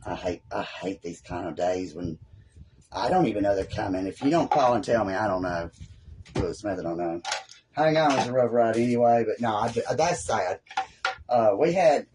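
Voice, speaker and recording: A man's voice: mid-range voice, warm tone, slight background noise. A man with a Southern US accent hosting a live craft tutorial at home, rambling and folksy as he works. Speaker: craft host.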